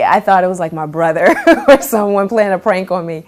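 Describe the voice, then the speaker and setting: A woman's voice: on the low side, fairly quick. A young adult woman being interviewed as an actor, chatting casually and laughing as she tells stories and acts out quotes.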